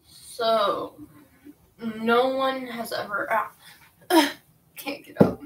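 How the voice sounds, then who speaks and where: Teen girl vlogger, high voice, unhurried, rambling and self-mocking, talks to pets at home. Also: rough recording. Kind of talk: casual vlog chat. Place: home, bathing kittens.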